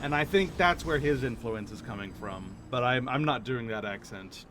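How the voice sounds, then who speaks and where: A man's voice: mid-range voice, moderate pace, few pauses, fairly bright tone. A man streaming a game, chatting playfully and reacting aloud as he plays. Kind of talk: casual chat while playing.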